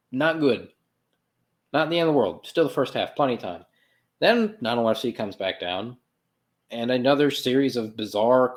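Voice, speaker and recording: A man hosting a soccer podcast, recapping a match in a loose, sarcastic monologue with playful sound effects and self-corrections. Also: mid-range voice. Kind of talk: casual sports recap monologue.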